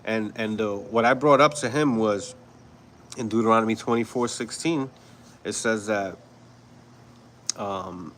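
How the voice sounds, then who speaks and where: A man's voice: lowish voice, a little slow, pauses often, a bit bright, slight background noise, poor audio. A man from New York hosting a livestream, chatting casually with viewers, swearing, laughing and rambling. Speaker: livestream host. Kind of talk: casual commentary with chat.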